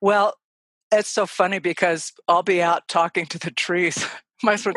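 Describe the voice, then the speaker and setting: A woman's voice: lowish voice, fairly even intonation, normal speed, no echo. A woman hosting a podcast, chatting casually and thinking aloud as she asks questions. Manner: warm, laughing, thinking aloud. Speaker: podcast host. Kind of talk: casual interview chat.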